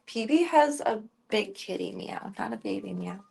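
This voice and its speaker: A woman streaming casually from home, chatting with viewers and talking softly to her cats. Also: mid-range voice, expressive, normal speed, creaky, slightly rough. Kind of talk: casual live-stream chat.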